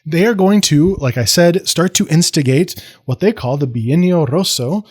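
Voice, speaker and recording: A man's voice: fairly high pitch, lively intonation, moderate pace, darkish tone, breathy edge. Casual American man giving a history lecture. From United States. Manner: casual, digressive, self-deprecating asides with fillers and restarts.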